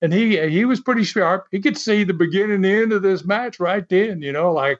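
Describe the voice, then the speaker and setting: Appearing as an interview guest, a man with a high, fairly quick voice tells a story in a casual, chatty way, laughing often. The audio has a dull lo-fi quality.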